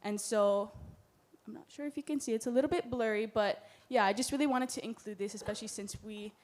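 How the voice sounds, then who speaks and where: Young hawaiian woman giving a symposium talk, heartfelt and earnest, kinda high voice. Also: a little fast, a little mellow. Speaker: student presenter. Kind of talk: symposium presentation. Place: lecture hall.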